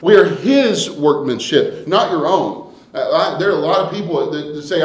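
A pastor preaching in a fairly high voice that echoes around the sanctuary. He drops to quiet, intimate lines, then builds to loud, emphatic declarations. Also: animated, moderate pace. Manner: dynamic preaching, swinging from hushed to loud and emphatic. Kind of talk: sermon. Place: church sanctuary.

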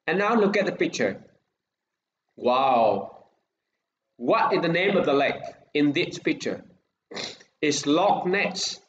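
A male English teacher with a Vietnamese accent talks slowly and says each word twice so the class can repeat it. His voice sits a little high. The sound is dull, with a roomy echo and a faint hiss behind it. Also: very animated. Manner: slow, repeats words for pupils to echo.

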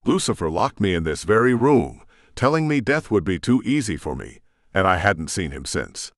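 Deep-voiced man narrating an audiobook. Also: very animated, normal speed, dry recording, studio quality. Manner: dramatic, brooding. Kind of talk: first-person audiobook narration.

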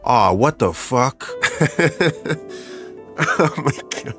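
A man's voice: medium pitch, animated, drawn-out words, a bit bright. A young man doing let's play commentary as a gaming YouTuber, cursing, stammering and joking as he reacts. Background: game music.

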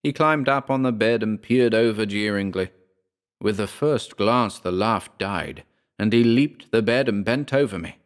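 A man reads a horror audiobook in a fairly low voice, slow and dramatic. In the darkest passages he drops to a hush.

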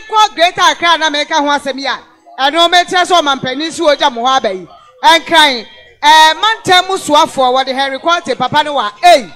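A male host from Ghana giving animated news commentary, emphatic and repetitive, often rising to shouts for stress. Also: extremely high pitch. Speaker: radio-TV news review host.

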